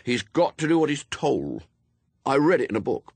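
A man's voice: medium pitch, big pitch swings, moderate pace, creaky, a little mellow, slightly rough, no room sound, voice pushed up, exaggerated voice. A man voicing a curious, eager young boy in an audiobook reading. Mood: insistent. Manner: hopeful, boyish.

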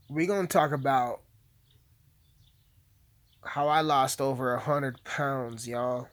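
With a mid-range, fairly bright voice, this US podcast host games as he talks. The chat is casual and profane, crammed with swearing and crude jokes.

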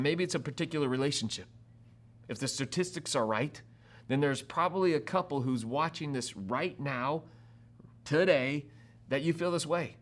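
A pastor preaching a sermon to an online audience, acting out people's reactions with laughs and quick asides. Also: male voice, mid-range voice. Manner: animated, acts out quoted reactions with laughs.

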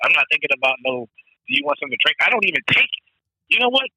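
A man in loose, animated casual chat who acts out his own nervous thoughts and swears freely. His voice is bright and forceful. It is recorded dry and close, with no room sound. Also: medium pitch, racing, husky, no room sound, poor audio.

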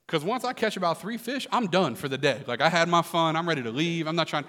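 A man with a slightly higher voice preaches a live sermon, easygoing and joking, often turning to the congregation with quick questions. His voice rings out into a church sanctuary with a long trailing reverb. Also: expressive, bright, forceful tone. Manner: conversational preaching with humor and asides to the congregation. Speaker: pastor.

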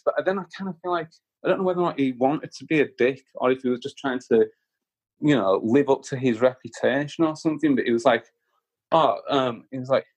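A man's voice: medium pitch, husky, no room sound. A man, a guest musician, casually telling a long anecdote, rambling with lots of fillers and restarts and putting on voices for the people he quotes. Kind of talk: casual storytelling.

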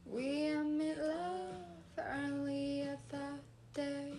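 A woman's voice: high voice, fairly even intonation, drawn-out words, dark tone, a little hiss or hum. A woman casually singing along to backing tracks in a playful, unpolished amateur way. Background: backing music.

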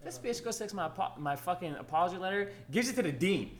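A man's voice: high voice, lively intonation, quick pace. A young man in his twenties telling a rowdy story in casual chat, full of slang and swearing. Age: 20s.

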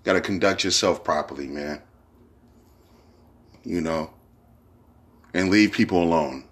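A low, fairly bright male voice, a little slow, belongs to a man running his own podcast. Alone on the mic, he rambles in a relaxed way, using lots of slang and cursing and saying "you know what I'm saying" again and again.

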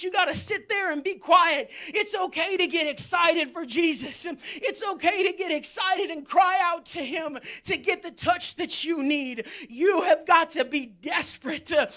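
A woman preaching a sermon, swinging from impassioned shouting to hushed, near-whispered lines. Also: very high-pitched.

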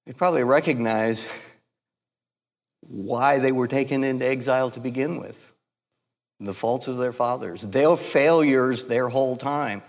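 A man preaching a sermon as pastor, speaking in a measured, deliberate way with frequent restarts. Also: medium pitch. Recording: long hall reverb.

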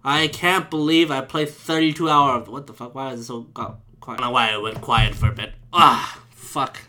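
A man delivers a casual, expletive-laden rant about a game, his voice bright and cutting at a middling pitch. He stumbles and restarts constantly as he vents. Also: steady tone, normal speed, a little hiss or hum. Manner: profane, ranting, frequent restarts. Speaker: gaming commentator.

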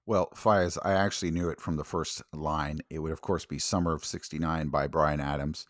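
A man's voice: rumbling low, steady tone, moderate pace, no echo, clean studio sound. A man co-hosting a podcast in casual chat, easygoing and hesitant, with fillers. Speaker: podcast co-host.

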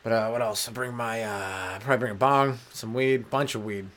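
Here a young Canadian comedian delivers a solo rant on his own comedy podcast, full of crude jokes he laughs at himself. His medium-pitched voice stays steady in tone, fairly quick and a bit bright.

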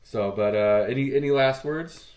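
A man hosting a casual podcast interview, friendly and quick to laugh. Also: mid-range voice, darkish tone. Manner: laughs often, friendly, calls guest "man". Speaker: podcast host.

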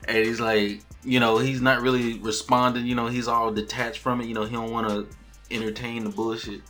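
A man hosting a podcast, recapping a TV episode in a loose, animated way and acting out the characters' lines. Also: mid-range voice, brisk, soft background music. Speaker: podcast host.

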